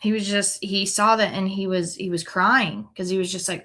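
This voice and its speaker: Woman bible teacher, reads scripture then chats about it, medium pitch, keeps saying right. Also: fairly even intonation, normal speed, bright, forceful tone. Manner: conversational, tag questions like "right?". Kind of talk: scripture reading and reflective commentary.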